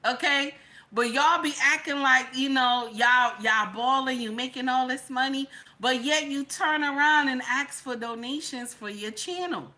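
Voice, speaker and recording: A middle-aged woman hosts a commentary channel, preaching to viewers and repeating her points, going from loud to hushed. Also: high-pitched, measured pace.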